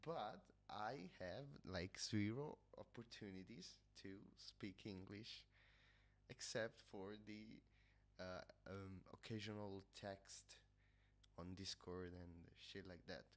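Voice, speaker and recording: An Italian-accented man with a nasal, lowish voice chats unhurriedly into a headset mic. He talks slowly, with many fillers and pauses while he hunts for English words. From Italy. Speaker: livestreamer. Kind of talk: casual chat.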